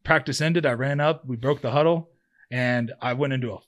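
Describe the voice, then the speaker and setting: A man's voice: medium pitch, fairly quick. A man in his thirties, a former pro football player and podcast guest, tells a long story in a loose, rambling way, full of fillers and restarts. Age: 30s. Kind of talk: casual storytelling in an interview.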